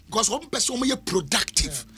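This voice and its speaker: Ghanaian male host, bright, animated, quick to interject. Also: sits high, husky, soft background music. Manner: animated, chiming in, storytelling. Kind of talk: lively radio chat.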